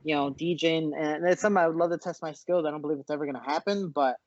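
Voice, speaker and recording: A man, a fighter guest in a casual interview, telling animated stories with lots of restarts, over muffled video call audio. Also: fairly high pitch, very fast, no room sound. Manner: animated storyteller, frequent restarts.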